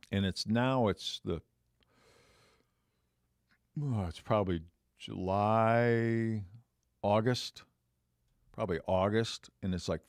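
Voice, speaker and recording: A man's voice: low-pitched, no echo, studio quality. A man around seventy, hosting a podcast, telling a long personal story in a casual, rambling way that repeats phrases and circles back. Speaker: podcast host.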